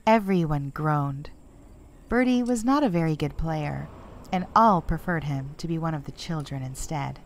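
A woman narrating a storybook in a gentle, measured way. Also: low-pitched, slight background noise.

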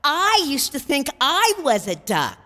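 A woman playing a wistful little duckling girl from a storybook, high and lively voice, slow and earnest, long ringing reverb with soft music behind. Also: heavily acted. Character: young misfit duckling girl, earnest and hopeful.

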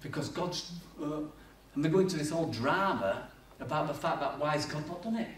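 Man, preaching, fairly high voice, humorous storytelling, echoey church, mic at a distance. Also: expressive, fairly quick, a little hiss or hum. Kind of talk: sermon. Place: church hall. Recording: echoey church hall from far off.

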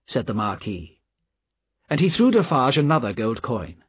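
Guy reading an audiobook slow, lively voice, bit husky, dry and kinda dull. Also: lowish voice, no room sound. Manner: slow, deliberate storytelling. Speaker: audiobook narrator. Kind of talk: scripted narration.

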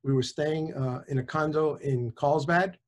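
Storytelling man in his sixties, higher voice. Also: unhurried. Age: 60s. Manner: animated, conversational, with small restarts. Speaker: author and chiropractor, guest. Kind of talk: casual anecdotal storytelling.

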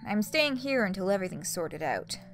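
A woman voicing a soft-spoken man, weary after a breakup, reading the game's lines aloud in a slightly lowered, subdued tone. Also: big pitch swings, brisk. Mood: weary, sincere. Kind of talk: reading game dialogue aloud.

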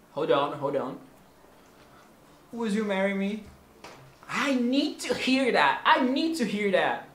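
Joking and teasing in a laid-back question-and-answer vlog, a Brazilian man in his twenties shows a playful, theatrical streak. His native Portuguese gives him a Brazilian Portuguese accent, and his voice is a little high and a bit bright. The sound is reverberant, with slight background noise.

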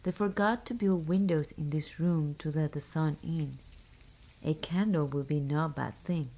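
A woman voicing a tiny, plucky, cheeky boy in a soft, whispered role-play for a bedtime story. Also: low voice, unhurried. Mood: calling out.

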